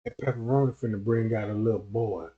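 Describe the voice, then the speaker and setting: A man's voice: lowish voice, fairly even intonation, fast talker. A man streamer telling profane, rambling comedic stories in a livestream rant. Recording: dull lo-fi stream audio.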